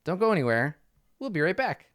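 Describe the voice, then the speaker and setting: A man's voice: sits high, very animated, a little fast, a bit bright, clear, resonant tone, dry recording. Easygoing man running a tabletop game. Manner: loose and conversational, becoming vivid when describing scenes. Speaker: dungeon master. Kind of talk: casual tabletop game narration.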